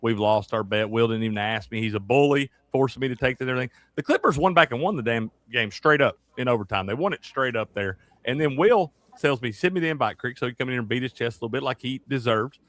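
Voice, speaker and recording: A man's voice: mid-range voice, lively intonation, fast, hardly any pauses, a bit bright, no room sound. Rowdy teasing man, dry close mic. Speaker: sports show host. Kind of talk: casual sports betting chat.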